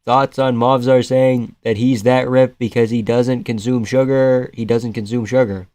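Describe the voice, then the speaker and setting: A male streamer chatting loosely through fight night, reading chat messages and joking with a quick laugh. His voice sits in an ordinary middle pitch. The close mic sounds dry and unroomy. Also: level tone, a little mellow, no echo. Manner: joking, laughs often, swears. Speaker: live streamer.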